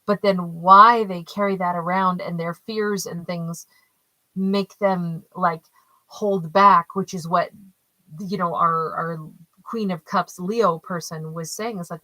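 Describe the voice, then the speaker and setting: A woman giving a casual tarot reading, thinking aloud and questioning her own reading with animated asides. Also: on the low side, slow, no echo, low-quality recording. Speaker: tarot storyteller.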